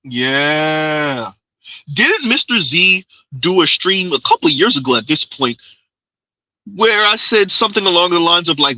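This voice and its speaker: A man hosting a reaction commentary, talking loudly in a heated, mocking way. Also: fairly high pitch, big pitch swings, a little slow, no echo, rough recording. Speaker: commentary host.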